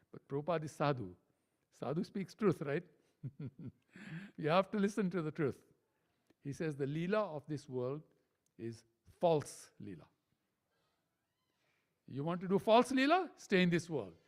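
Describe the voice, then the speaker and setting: A man giving a devotional sermon to a congregation, explaining slowly and often checking in with "right?". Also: high voice. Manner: keeps checking in with listeners with "right?"; explains slowly, counting out syllables. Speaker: temple preacher.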